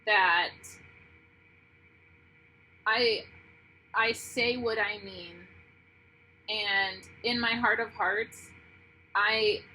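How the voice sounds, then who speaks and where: A woman doing an intuitive tarot reading to camera, earnest and heartfelt, often pausing and restarting. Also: mid-range voice, bright, forceful tone, a little hiss or hum, low-quality recording. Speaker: tarot reader.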